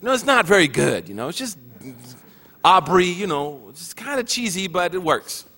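A man's voice: high voice, big pitch swings, normal speed, bright, forceful tone. A man giving a teaching talk at a religious gathering, mixing joking asides with earnest points, in a hall with a long echo.

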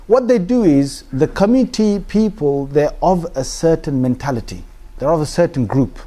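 Animated man giving a talk. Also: fairly high pitch. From United Kingdom. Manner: animated, humorous storytelling with frequent restarts. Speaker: Islamic speaker. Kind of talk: informal talk to a congregation.

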